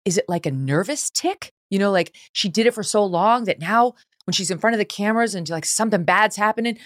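A woman's voice: medium pitch, fairly quick, no room sound. Sarcastic woman podcast host, dry voice. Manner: sarcastic, animated, laughs often. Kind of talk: casual talk-show commentary.

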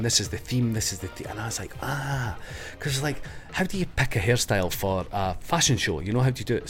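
Scottish male podcast guest, low-ish voice, rambling sweary storyteller. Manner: animated, sweary, full of filler words. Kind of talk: casual storytelling.

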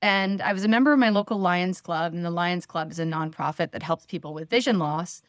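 Her lowish voice is brisk, and the clean studio recording carries no room sound. A woman in her forties from the northeastern U.S., she's guesting on a podcast, telling self-deprecating stories in a chatty interview with lots of filler words.

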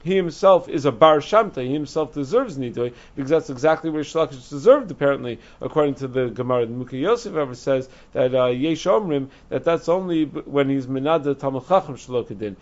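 A man's voice: medium pitch, brisk, hardly any pauses. A man teaching a Talmud lesson, explaining as he goes with many restarts and fillers. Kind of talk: Talmud lecture. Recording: dull lo-fi recording.

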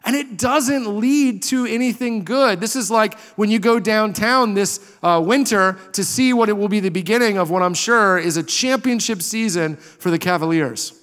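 A man's voice: high-pitched, normal speed, few pauses, fairly bright tone. A man preaching a sermon as pastor, emphatic and repetitive in his rhetoric. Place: church sanctuary. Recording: reverberant hall.

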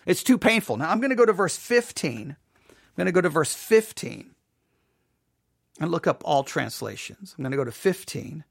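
A man's voice: a little high, very animated, normal speed, vocal fry, husky, no echo, clean studio sound. A man leading a devotional Bible study who reads scripture aloud and then explains it in a conversational way, sometimes acting out the voices of the people in the passage. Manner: acts out voices of the proud and the doubter. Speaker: Bible teacher.

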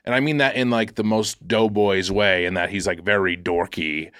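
A man's voice: on the low side, fairly even intonation, moderate pace, fairly bright tone, no echo, studio quality. A man co-hosting a casual food podcast, rambling and laughing often. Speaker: podcast co-host. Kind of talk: casual chat.

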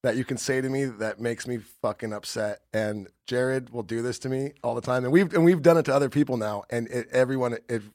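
A man's voice: mid-range voice, fairly quick, few pauses, a little mellow, dry recording, clean studio sound. A man co-hosting a podcast, chatting loosely with lots of swearing and reading sponsor plugs. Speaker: podcast co-host. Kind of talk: casual podcast chat.

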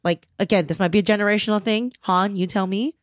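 A woman's voice: medium pitch, fairly even intonation, fast, dry recording, clean studio sound. A woman co-hosting a casual entertainment chat, enthusiastic and gushing, with casual swearing. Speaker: podcast co-host.

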